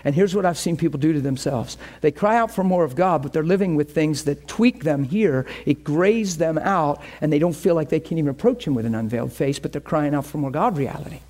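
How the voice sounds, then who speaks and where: A middle-aged male pastor preaching a sermon with passion, moving from quiet talk to shouting. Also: a little high, expressive, brisk, few pauses. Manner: impassioned, swings from quiet to shouting.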